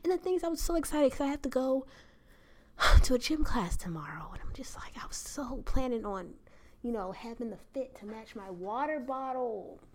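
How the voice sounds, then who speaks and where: Chatty young woman podcaster, slangy and animated. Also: fairly high pitch, fairly quick. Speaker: podcast host. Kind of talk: casual solo podcast rant.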